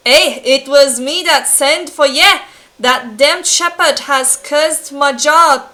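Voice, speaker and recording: A woman voicing a gruff, aggrieved male village blacksmith in an attempted Scottish accent, spoken slowly. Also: sits high, pushed and bright, voice pushed up, exaggerated voice. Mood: grumbling.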